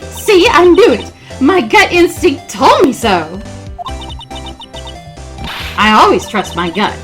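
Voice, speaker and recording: A woman's voice: sits high, sing-song, takes it slowly, exaggerated voice. Woman doing a brash Southern lady reporter. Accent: American Southern. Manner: brash, hollering. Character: loud nosy Southern woman journalist. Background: game music.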